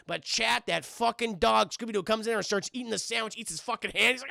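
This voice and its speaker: A man's voice: sits high, quick pace, creaky, few pauses, no echo, clean studio sound. A man reviewing a cartoon live for his stream chat, swearing freely and joking as he recaps. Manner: profane, excitable, joking.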